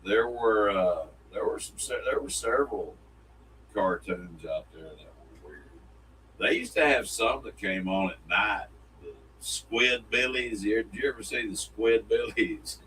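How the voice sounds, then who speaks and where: A man's voice: lowish voice, measured pace, bright, forceful tone. A man co-hosting a casual morning show, rambling and joking as he restarts sentences. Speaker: co-host. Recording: distant mic, faint room noise.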